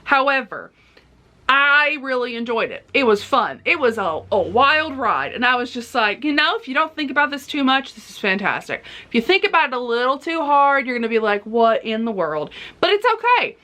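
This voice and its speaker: A woman's voice: sits high, expressive, brisk, bright, forceful tone. A woman giving a casual book review vlog, talking bluntly and animatedly about explicit content.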